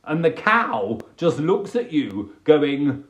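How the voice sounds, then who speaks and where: Brief: livestream host, theatrical and chatty, lively and unhurried, slightly high voice. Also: male voice. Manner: animated, theatrical storytelling with put-on voices. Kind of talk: casual livestream chat. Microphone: phone livestream.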